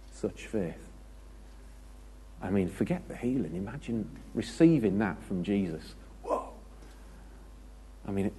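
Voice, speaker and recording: A man's voice: fairly low pitch, dark tone, slightly rough. A British man preaching a conversational sermon, chatty and joking, with anecdotes and asides to the congregation.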